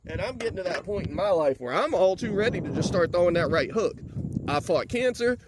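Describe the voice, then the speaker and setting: A man's voice: high voice, expressive, fairly quick, noisy background. A man, swearing and threatening in a heated rant to his vlog audience, then talking casually about his truck project. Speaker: vlogger, truck project owner. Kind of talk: angry rant to camera.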